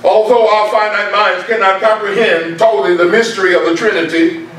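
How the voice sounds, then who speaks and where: A man's voice: high-pitched, steady tone, brisk, a bit bright. A man preaching a sermon, emphatic and repeating key points for stress, heard in a church. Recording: very echoey room, mic far off.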